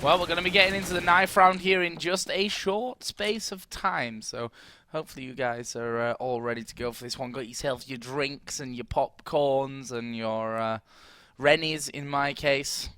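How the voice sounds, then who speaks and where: A man calling live esports play-by-play, excitable in the action and jokey in the asides. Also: medium pitch, normal speed, few pauses, no room sound. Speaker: esports caster.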